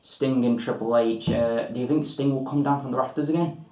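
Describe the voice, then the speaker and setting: A man's voice: medium pitch, steady tone, fairly quick, mellow, echoey room, poor audio. A man co-hosting a wrestling predictions show, debating earnestly with frequent ums and hedges. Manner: earnest, hedging with ums, talks over his partner. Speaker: co-host of a wrestling predictions channel. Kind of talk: casual debate.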